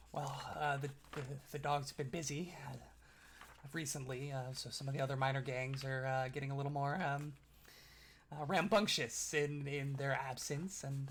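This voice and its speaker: A man's voice: a little high, a bit bright, a little hiss or hum. A man voicing a nervous, sweaty, balding older shopkeeper who stammers and apologizes over and over.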